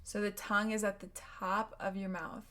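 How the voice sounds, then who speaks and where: An American woman teaching English pronunciation, drilling words slowly and repeating them for practice. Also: mid-range voice, little pitch movement, a bit bright.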